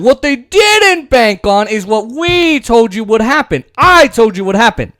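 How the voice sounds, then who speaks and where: A man's voice: extremely high pitch, very animated, measured pace, hardly any pauses, fairly bright tone, no room sound, studio quality. A man hosting casual political commentary, rambling and sarcastic, with frequent restarts and mocking impressions.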